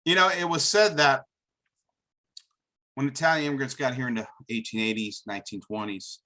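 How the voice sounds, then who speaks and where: A man's voice: medium pitch, steady tone, moderate pace, bright, forceful tone, poor audio. A man from America hosting a live commentary monologue, emphatic and preachy, often tossing in "right?". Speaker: host.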